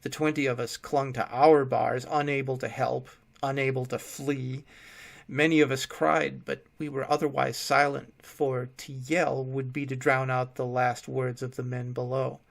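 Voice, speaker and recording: A man giving scripted horror narration in a measured, grim storytelling manner. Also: medium pitch, little pitch movement, creaky.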